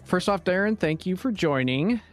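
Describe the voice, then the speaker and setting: A man's voice: high voice, animated, moderate pace, faint music behind. A man hosting a business podcast, introducing his guest and asking questions in a polished, composed way. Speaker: podcast host. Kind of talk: scripted intro, then interview questions.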